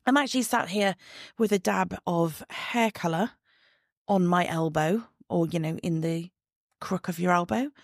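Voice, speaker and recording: A woman hosting her own podcast from home, talking casually and directly into her mic, chatty and quick to laugh at herself. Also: lowish voice, no echo, studio quality. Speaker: podcast host and body image coach. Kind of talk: casual solo podcast talk. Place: sitting at home, room lights only.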